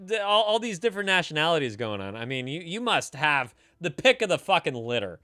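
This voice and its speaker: A man hosting a casual live stream, reading chat aloud and answering with loud, teasing, profane banter while drinking beer. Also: a little high, very animated, brisk, no room sound, studio quality. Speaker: streamer giving advice to chat. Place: home streaming setup, San Francisco.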